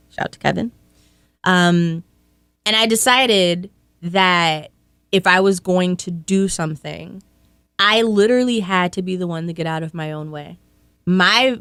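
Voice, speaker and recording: A young woman guest in a casual interview, telling stories in an animated, playful way with comic asides. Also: fairly low pitch, clean tone, dry recording, clean studio sound. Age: young adult. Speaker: podcast guest.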